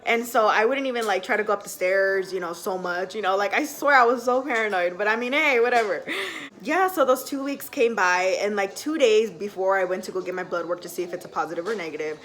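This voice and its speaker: A young woman telling a personal story to camera at home in a chatty, animated way full of fillers. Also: medium pitch, brisk. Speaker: vlogger.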